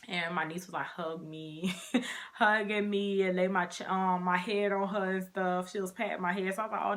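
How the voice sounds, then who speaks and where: A young woman vlogger telling her story in a casual, animated way, talking straight to her viewers. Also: medium pitch.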